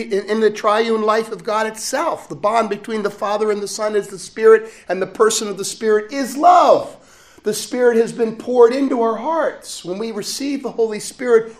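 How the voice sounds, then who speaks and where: A man from the States, preaching a sermon in a lively call-and-response manner and chuckling often. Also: high voice. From Southern United States.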